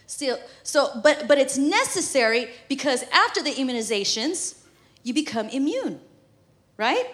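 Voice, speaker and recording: A woman in her thirties delivers a sermon with a high, light voice. She talks to the congregation like a friend, telling stories from her own life with humor and easy laughter. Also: sing-song, a little slow, fairly bright tone. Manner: conversational and humorous, laughing often. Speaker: preacher. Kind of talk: sermon with prayer and personal story.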